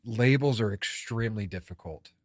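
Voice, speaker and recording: Male podcast co-host, low voice, dry close sound, relaxed and agreeing. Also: moderate pace, no echo. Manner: short agreeing replies, relaxed. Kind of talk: casual podcast chat.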